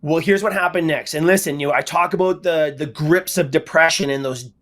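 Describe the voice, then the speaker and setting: A man's voice: fairly high pitch, brisk, fairly bright tone. A middle-aged man from Canada, a guest in an interview, telling his story earnestly and repeating words for emphasis. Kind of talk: interview answers.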